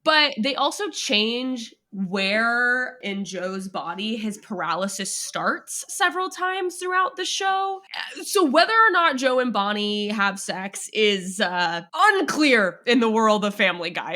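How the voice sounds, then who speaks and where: Woman podcast co-host, bright and higher-pitched, rambling casual chat. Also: big pitch swings, measured pace. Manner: chatty, self-interrupting, laughs often.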